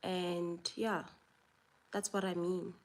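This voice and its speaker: A woman's voice: fairly low pitch, level tone, slow pace. A woman from South Africa with a South African accent, hosting a casual live chat and reading out viewer questions before answering them. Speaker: livestream host.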